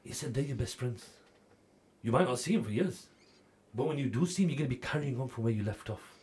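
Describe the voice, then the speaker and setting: A man speaking on a TV charity appeal at a mid-range pitch. He tells his story with great passion, sometimes pressing loudly and sometimes dropping to a hush. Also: lively intonation, quick pace. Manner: swings between loud urging and hushed storytelling. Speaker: charity fundraiser. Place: TV studio.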